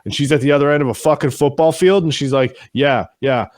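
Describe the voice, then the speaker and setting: A man's voice: on the high side, fast, darkish tone, no room sound, studio quality. A man co-hosting a casual show recap, retelling scenes with mocking voices and casual swearing. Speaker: podcast co-host.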